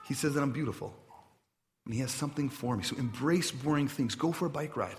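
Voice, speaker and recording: A man preaching a sermon in an easygoing, conversational style, with a voice neither high nor low. He tells stories with self-deprecating asides and hesitations. On reflective points he drops to a quiet, slowed delivery. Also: slight background noise. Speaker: pastor.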